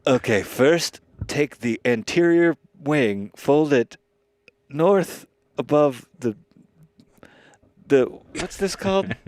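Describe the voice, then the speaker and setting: A man hosting a podcast in casual comedic chat, excitable, profane and rambling. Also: a little high, takes it slowly, dry recording. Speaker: podcast host.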